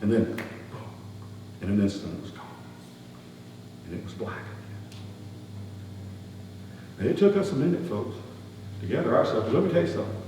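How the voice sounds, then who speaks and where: A man, a pastor, playing a skeptical, rough-spoken outcast shepherd in a first-person dramatic sermon, talking. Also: lowish voice, moderate pace, long pauses, voice pushed down. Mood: earnest. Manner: folksy, colloquial grammar, rising animated questioning. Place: church sanctuary. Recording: echoey hall, distant mic, faint hum.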